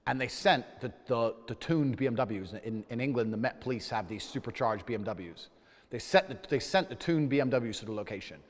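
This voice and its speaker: A man telling a story in a casual, animated way, swearing freely and acting out the dialogue. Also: medium pitch, brisk, big-room sound. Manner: animated, profane, acts out dialogue.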